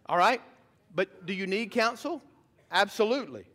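Emphatic preacher, high voice. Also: male voice, expressive, moderate pace, a bit bright. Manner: emphatic preaching with rhetorical questions to the congregation. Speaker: pastor. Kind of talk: sermon. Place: church sanctuary.

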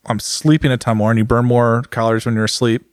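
A man co-hosting a casual podcast chat, joking and telling animated stories. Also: mid-range voice, quick pace, no echo, clean studio sound. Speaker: podcast co-host.

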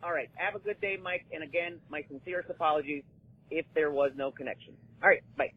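A man's voice: a little high, steady tone, quick pace, natural voice. A man playing an awkward male doctor leaving a hesitant voicemail, recorded as muffled voicemail audio. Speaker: caller. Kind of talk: comedic voicemail.

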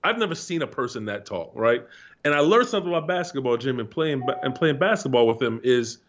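A man, profane, animated storyteller, slightly muffled. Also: medium pitch, quick pace. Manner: animated, profane, laughs through stories. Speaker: guest, retired pro athlete. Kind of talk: casual storytelling chat. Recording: slightly dull lo-fi sound.

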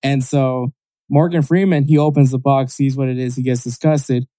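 A man's voice: medium pitch, flat delivery, moderate pace, warm tone, dry recording. A man in casual chat, rambling as he retells a story, with many fillers and restarts.

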